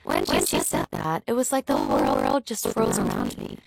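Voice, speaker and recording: A woman's voice: mid-range voice, wildly swooping pitch, normal speed, gravelly, loud music behind the voice. A young woman narrating a first-person story in an emotional, confessional way.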